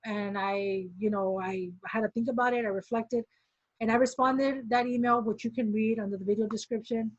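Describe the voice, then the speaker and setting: A woman's voice: on the high side, fairly even intonation, moderate pace, no echo. A woman casually telling her story as a former movement member, acting out quoted dialogue with many "like" fillers. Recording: dull, dry sound.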